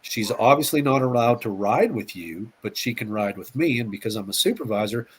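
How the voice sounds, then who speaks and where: A man's voice: mid-range voice, animated, a little fast, slightly rough. A middle-aged man, a police officer, telling stories as an interview guest, often repeating words and acting out quotes. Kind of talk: casual storytelling interview.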